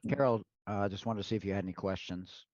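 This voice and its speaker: A man's voice: lowish voice, fast talker, darkish tone, dry recording. A man hosting a podcast interview, urging listeners on in an emphatic way. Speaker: podcast host. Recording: dull, dry lo-fi recording.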